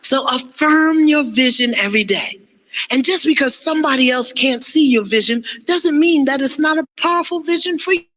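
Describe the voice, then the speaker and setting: High-pitched, fired-up preaching man. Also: normal speed, rough recording. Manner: animated, call-and-response, acts out voices. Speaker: motivational speaker. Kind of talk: inspirational preaching.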